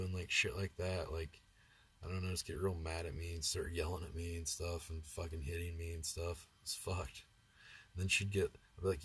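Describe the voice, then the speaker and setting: Brief: low, husky American male vlogger, crude rambling livestream chatter. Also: steady tone, normal speed, a bit bright. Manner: rambling, crude, laughs at his own stories. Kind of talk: casual livestream storytelling.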